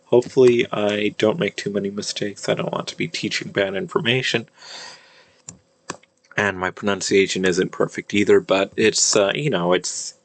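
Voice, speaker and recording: A man teaching an old language, thinking aloud, with many fillers and restarts and slow word-by-word reading. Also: lowish voice, steady tone. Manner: reads old-language text slowly, word by word. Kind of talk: casual screen-share lesson.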